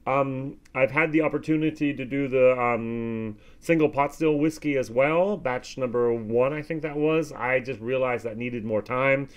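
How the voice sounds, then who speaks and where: An American man giving a casual whisky tasting review, with animated, expressive reactions and plenty of fillers. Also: mid-range voice, measured pace, hardly any pauses. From United States.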